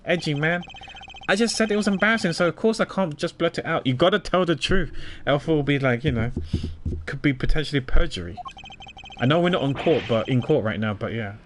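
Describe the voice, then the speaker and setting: A man's voice: a little high, expressive, brisk, slight background noise, natural voice. A man voicing a goofy, evasive young slacker who rambles sheepishly. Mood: whiny.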